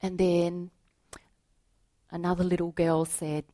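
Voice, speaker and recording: Slow, soft-spoken woman teacher. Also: on the low side, expressive, no echo. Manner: gentle, dropping often to a soft hush. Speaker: spiritual teacher. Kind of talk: reflective spiritual talk with storytelling.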